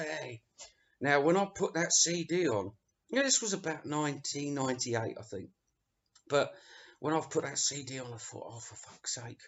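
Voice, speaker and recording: A man's voice: on the high side, a bit bright. A middle-aged man from England, telling rambling, sweary anecdotes as a music reviewer. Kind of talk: casual storytelling. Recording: dull lo-fi recording.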